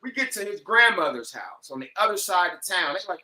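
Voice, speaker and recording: A man on a podcast telling a story casually, animated and profane, acting out what people said. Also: high-pitched, a little fast, poor audio. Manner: animated, profane, acts out quoted lines. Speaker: podcast guest.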